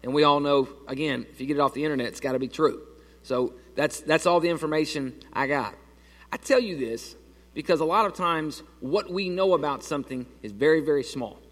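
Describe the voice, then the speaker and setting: A man's voice: on the high side, brisk, a bit bright, big-room sound. A man preaching a sermon to his church, telling a story casually with lots of restarts and fillers. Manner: conversational storytelling with many restarts. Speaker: pastor. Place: church sanctuary.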